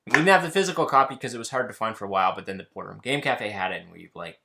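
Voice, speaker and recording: A man's voice: lowish voice, expressive, very fast, vocal fry, background noise. A man co-hosting a casual board game haul, plainly explaining how each game plays. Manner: easygoing, explains rules plainly. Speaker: board game channel co-host.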